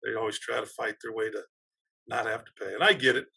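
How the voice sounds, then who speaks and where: A man, an athletic director, telling animated stories as a podcast guest and laughing through them. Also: lowish voice, fast talker, vocal fry, slightly rough. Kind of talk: casual storytelling on a podcast.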